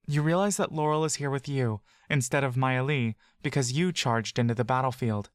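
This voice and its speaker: Man narrating a fantasy audiobook, middle-pitched, calm and steady, dry close mic. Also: normal speed, hardly any pauses, no room sound. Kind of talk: second-person fantasy story narration.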